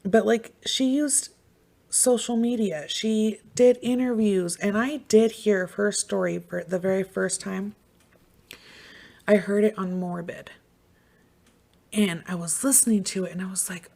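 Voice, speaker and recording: Woman podcast host, low gravelly voice, mellow tone, blunt and emphatic, swears a lot. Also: steady tone, takes it slowly. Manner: emphatic, swears freely, full of "like". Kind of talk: casual true-crime chat.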